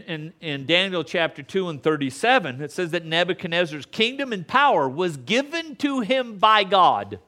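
Male pastor, mid-high animated voice, chatty sermon teaching with questions to the room. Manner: conversational teaching, asks the congregation questions.

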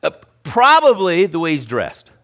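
A man's voice: high-pitched, wildly swooping pitch, moderate pace, fairly bright tone. Preacher, male, easygoing sermon talk, frequent restarts and check-ins. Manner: repeats words, often checks in with "Okay?". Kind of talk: conversational sermon.

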